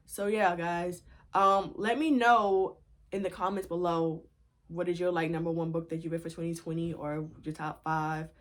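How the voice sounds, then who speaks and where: Lower-pitched woman gushing over books. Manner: gushing, repeats herself. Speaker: book vlogger. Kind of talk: casual book review vlog. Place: at home.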